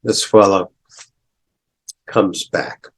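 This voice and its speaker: In a lecture, an older man who is a professor retells a story at a deliberate pace, with throat-clearing and side remarks. He sits low, with fairly even intonation.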